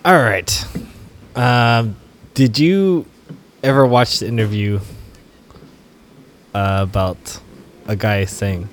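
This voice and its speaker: A man's voice: fairly low pitch, takes it slowly, long pauses. A man hosting a podcast in casual chat, laid-back and teasing, laughing often. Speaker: podcast host.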